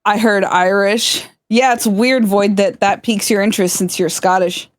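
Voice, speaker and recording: A woman's voice: medium pitch, fairly even intonation, dry recording, studio quality. A woman streamer joining the chat, teasing her friend playfully and laughing easily. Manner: teasing, giggly, quick to laugh. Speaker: fellow streamer guest.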